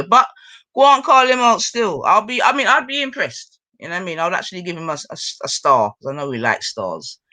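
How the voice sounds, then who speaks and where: A woman's voice: fairly low pitch, pushed and bright. A woman on a live stream panel, talking in teasing, hesitant banter with restarts. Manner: teasing, hedging, mid-sentence restarts.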